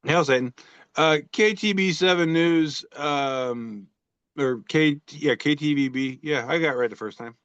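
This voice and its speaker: A man on a casual podcast, joking his way through posts, with plenty of fillers and restarts. His voice sits a little high. The recording is dry and a bit dull, like a home setup. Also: unhurried, a bit bright, clean tone, no room sound. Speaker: podcast co-host reading social media posts. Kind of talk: casual chat.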